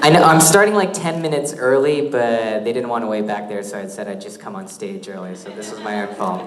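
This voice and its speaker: A man answering audience questions on a convention panel, joking and teasing himself in a quick, easygoing way. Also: on the low side. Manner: joking, self-mocking, quick. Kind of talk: casual Q&A on stage. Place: convention hall stage. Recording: echoey hall with crowd.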